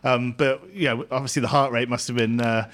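Quick-talking podcast host. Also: male voice, mid-range voice, steady tone, fairly bright tone. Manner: searching, restarting question. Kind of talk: interview question.

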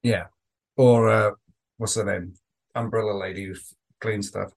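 A man's voice: fairly low pitch, steady tone, normal speed, vocal fry. A man co-hosting a casual podcast chat, rambling with frequent restarts and some swearing. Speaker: podcast co-host.

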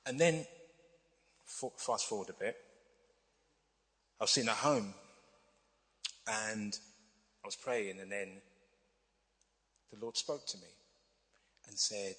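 A man's voice: lowish voice, slow, pauses often, a bit bright. A man preaching a sermon, teaching step by step and checking in with the audience with "okay" and "right". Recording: long hall reverb.

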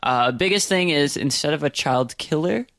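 A man's voice: a little high, expressive, moderate pace, vocal fry, fairly bright tone, no room sound, clean studio sound. A man co-hosting a podcast, critically discussing a horror film in casual chat. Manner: critical, conversational. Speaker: podcast co-host.

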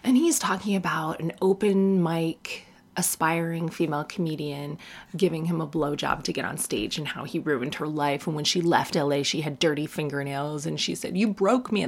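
Woman, stand-up comedian, low-pitched, blunt, swears a lot, sarcastic mimicry, candid monologue. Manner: blunt and profane, mocking men in exaggerated voices.

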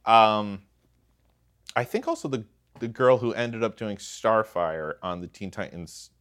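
A man's voice: on the low side, expressive, measured pace, a bit bright. A man co-hosting a podcast in casual chat, playful and jokey. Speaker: podcast co-host.

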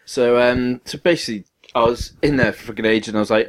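A man's voice: medium pitch, fast talker, hardly any pauses, slight background noise. A man co-hosting a podcast, ranting through a long story in casual chat and swearing freely. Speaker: podcast co-host.

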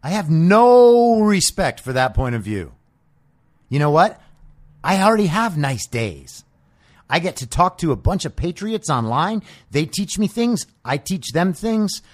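Male podcast host, sarcastic profane rant, lively swinging pitch, somewhat high voice. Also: measured pace. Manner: combative, sarcastic, profane ranting. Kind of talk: political commentary monologue.

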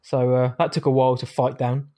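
A man's voice: medium pitch, flat delivery, a little fast, warm tone. A young British man hosting a podcast, cheerful and fond of puns. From United Kingdom. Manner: cheerful, punning. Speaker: podcast host. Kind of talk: casual podcast chat.

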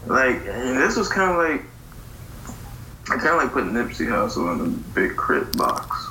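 A man co-hosting a podcast, talking in a relaxed, thoughtful way about rap. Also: mid-range voice, normal speed. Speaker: podcast co-host. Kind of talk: casual hip-hop talk. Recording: roomy echo, faint background hiss.

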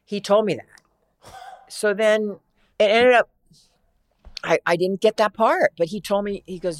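A middle-aged actress, a guest, telling a long story in a casual interview, rambling and halting with many restarts. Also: female voice, medium pitch.

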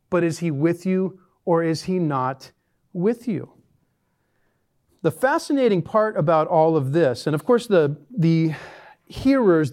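A man's voice: high voice, darkish tone. A man preaching a sermon as a pastor in a church, conversational and dryly sarcastic. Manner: conversational, dry sarcastic humor.

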